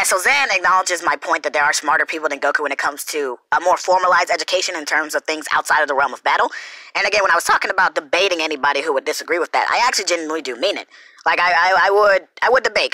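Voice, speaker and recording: Fast-talking bright-voiced woman, rambling host. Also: on the low side, lively intonation, no echo, low-quality recording. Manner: rambling, self-correcting, frequent laughs. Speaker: YouTube reaction host. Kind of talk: unscripted response commentary.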